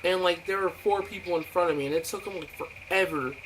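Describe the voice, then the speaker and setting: A man's voice: sits high, fast talker. A young man telling a rambling, profane story in a ranting vlog, full of fillers and acted-out quotes. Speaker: vlogger. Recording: noisy home recording.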